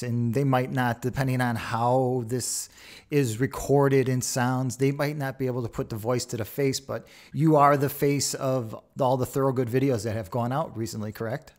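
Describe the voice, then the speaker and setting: A man with a Chicago accent hosting a casual interview, friendly and chatty and quick to laugh. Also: medium pitch, steady tone. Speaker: host.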